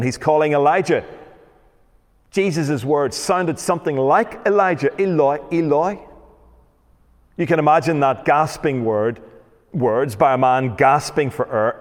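Preacher in a reverberant hall. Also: male voice, mid-range voice. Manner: reads scripture aloud, slows down for emphasis. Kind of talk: sermon.

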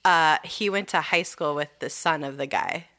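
A woman's voice: sits low, normal speed, sharp tone. A woman in her thirties chatting casually, telling a rambling story full of fillers. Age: 30s. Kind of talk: casual chat.

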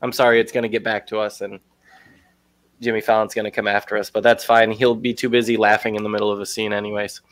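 A young man co-hosting a casual podcast, chatting and retelling film scenes with quick impressions. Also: lowish voice, flat delivery, fairly bright tone, no echo. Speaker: podcast co-host. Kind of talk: casual chat.

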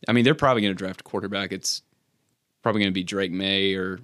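A man's voice: deep voice, fairly even intonation, quick pace, fairly bright tone, no echo. A man co-hosting a sports podcast, reading a punny recap, then chatting with fillers and restarts. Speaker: podcast co-host. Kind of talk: casual sports chat with scripted recap.

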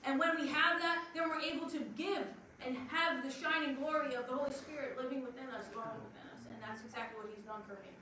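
A woman with a high voice gives an earnest, emphatic testimony, pausing to let her words land. She is heard from well off the mic in a big, very echoey hall. A steady noise sits under her voice. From Long Island, New York. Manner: earnest, emphatic, with drawn-out pauses. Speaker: program assistant director giving testimony. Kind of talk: spoken testimony to a congregation. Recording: very echoey hall, distant, noisy.

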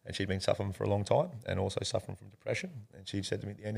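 A man's voice: lowish voice, flat delivery, very fast, creaky, a little mellow, breathy edge. An Australian man being interviewed, telling a long personal story in a rambling, earnest way and calling the host mate. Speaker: interview guest.

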